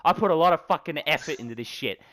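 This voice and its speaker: A man's voice: fairly high pitch, very fast, no room sound. Rambling, swearing young man. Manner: rambling, heavy swearing, animated storytelling. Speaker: podcast co-host. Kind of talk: casual chat.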